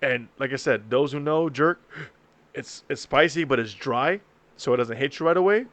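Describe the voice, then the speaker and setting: A young man hosting a casual podcast, telling profane, animated stories to his co-hosts. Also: mid-range voice, normal speed, no echo. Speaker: podcast host. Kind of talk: casual chat.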